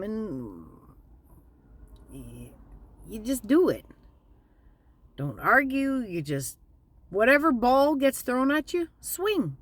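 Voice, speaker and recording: A woman giving a casual, candid motivational talk as a spiritual vlogger, plainspoken and slowing down to stress her points. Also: sits high, sing-song, dry recording.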